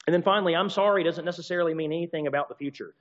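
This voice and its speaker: A man with a somewhat high voice delivers a sermon, lively and full of restarts as he acts out other people's apologies. His voice rings with a long reverb and has a muffled, dull tone. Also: rapid-fire. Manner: animated, acts out quoted apologies in shifting voices; frequent restarts and repeated words. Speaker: pastor or teacher.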